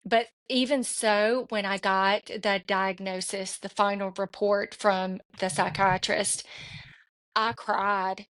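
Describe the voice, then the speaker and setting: A middle-aged woman speaks as a guest on a talk podcast. She recounts her own experience earnestly and at length, circling back and restarting her sentences as she goes. Her pitch sits in a middle range. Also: fairly even intonation, slow pace, a bit bright. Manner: rambling, earnest, many restarts. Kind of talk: personal storytelling in conversation.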